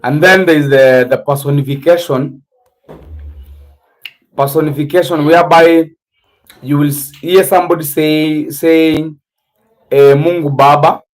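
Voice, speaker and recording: A man with an East African accent hosting a casual livestream, teaching words slowly and spelling them out letter by letter. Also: on the high side, steady tone, poor audio. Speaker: livestream host.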